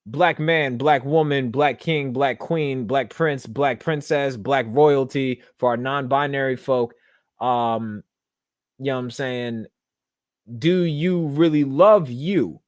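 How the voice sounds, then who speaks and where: Man, podcast host, earnest casual monologue, mid-pitched voice, dry close sound. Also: steady tone, slow, clean tone, no room sound. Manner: earnest, conversational, full of fillers.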